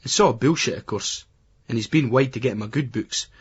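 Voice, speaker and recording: A Scottish-accented man with a husky, medium-pitched voice delivers gritty, colloquial first-person audiobook narration at a moderate pace. The sound is lo-fi, remastered from poor-quality audio.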